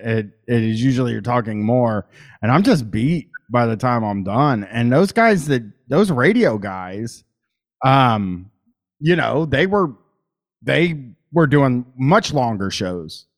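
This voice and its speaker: Rambling, swearing podcaster man. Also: mid-range voice. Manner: rambling, swears freely, many fillers. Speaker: podcaster, guest. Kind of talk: casual chat.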